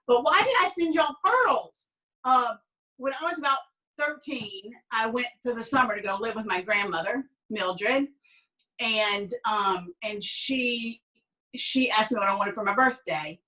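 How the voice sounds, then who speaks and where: A woman's voice: on the high side, expressive, unhurried, bright, forceful tone. A woman with a Southern American accent teaching a cooking class, talking in a folksy, chatty way with many fillers. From Southern United States. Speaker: cooking instructor. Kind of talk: cooking class with family storytelling. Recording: voice a bit distant from the mic.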